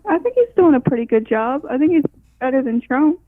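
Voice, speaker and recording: Polite lady caller, high voice, tinny phone line sound. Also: expressive, brisk. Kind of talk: phone call to a talk show.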